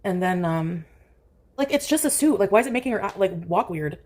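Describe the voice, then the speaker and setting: A woman's voice: medium pitch, lively intonation, fairly quick. A woman chatting casually on a livestream, rambling and filling her speech with "like". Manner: rambling, with heavy use of "like"; coos softly to her cat in baby talk. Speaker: streamer.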